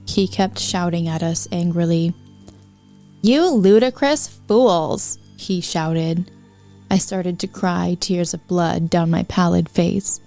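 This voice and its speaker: A woman's voice: fairly low pitch, creaky, warm tone. A woman hosting a podcast, reading fanfiction aloud with wry, apologetic asides.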